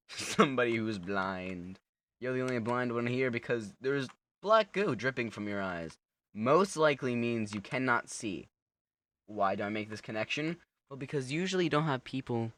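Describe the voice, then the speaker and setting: A man's voice: mid-range voice, fairly bright tone. A young man casually joking through a horror game, teasing the monster with lots of laughter. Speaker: gamer playing a horror game. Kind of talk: casual let's-play commentary.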